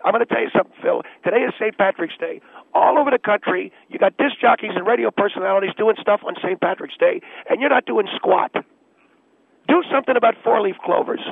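A man's voice: high-pitched, fast, creaky, breathy edge, no room sound, pitched above the performer's own voice, exaggerated voice. A man voicing a pushy, bigoted male station boss who barks orders impatiently over a call-in line on a comedy radio show. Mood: bossy. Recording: tinny phone line.

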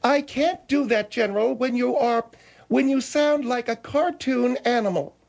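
A man's voice: very high voice, measured pace, creaky, darkish tone, voice pushed up, full character voice. A man doing an exasperated radio sidekick. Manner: exasperated, mocking.

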